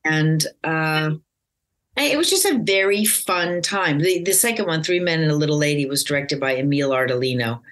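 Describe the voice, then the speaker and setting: Middle-aged american woman, really low voice, chatty and rambly, lots of ums. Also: lively intonation, moderate pace. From United States. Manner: rambling, warm storytelling with many fillers and restarts. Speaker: actress guest. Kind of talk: casual interview chat.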